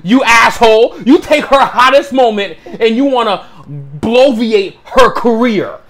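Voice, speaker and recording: Brief: high-pitched male co-host, loud and combative, talks over his partner in a heated argument. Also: a little slow. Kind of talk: heated debate.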